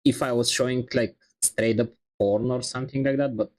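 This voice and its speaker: A man streaming and chatting casually, teasing his friends in a halting way. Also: mid-range voice, fairly even intonation, darkish tone. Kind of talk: casual chat on a live stream.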